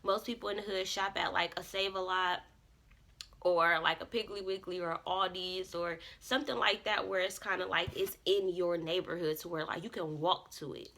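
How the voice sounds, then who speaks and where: A young woman vlogger telling a casual storytime, animated and profane, often jumping into loud quoted self-talk. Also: on the low side, normal speed, vocal fry.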